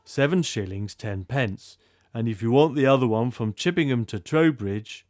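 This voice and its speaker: A man's voice: medium pitch, lively intonation, moderate pace, darkish tone, no echo, clean studio sound, natural voice. A man voicing a fussy, grumbling British voice coming out of a haunted gramophone. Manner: fussy, complaining about fares.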